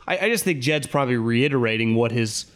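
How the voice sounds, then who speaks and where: A man's voice: medium pitch, lively intonation, quick pace. A man co-hosting a sports talk show, talking through his guesses in an easygoing, conversational way. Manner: conversational, speculative, easygoing with laughs.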